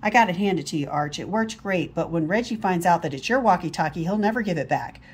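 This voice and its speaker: Woman reading as a relaxed teen sidekick, low and husky. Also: fast. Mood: easygoing.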